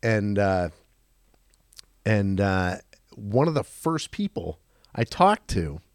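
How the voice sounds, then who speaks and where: A man in his forties with a gravelly, creaky mid-range voice tells a story on a podcast. He talks in bursts, restarts his sentences often, and jumps higher when he quotes other people. The sound is close and dry. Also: sing-song, slow pace, dry recording. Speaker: car dealership guest.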